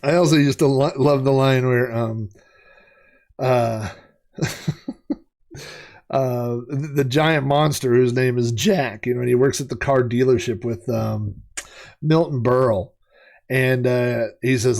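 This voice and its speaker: A man's voice: medium pitch, steady tone, moderate pace, creaky, darkish tone. Rambling, chatty male game commentator. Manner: rambling, chatty, laughs at his own jokes. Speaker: let's play host. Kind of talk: casual gameplay commentary.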